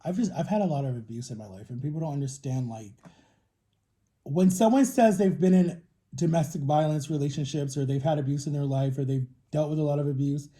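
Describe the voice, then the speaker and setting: A man in his thirties talks straight to his viewers in a loose, rambling vlog, jumping from one story to the next. His voice sits a little high for a man and has a warm, mellow tone. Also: fairly quick. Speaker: vlogger. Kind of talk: casual chat to camera while eating.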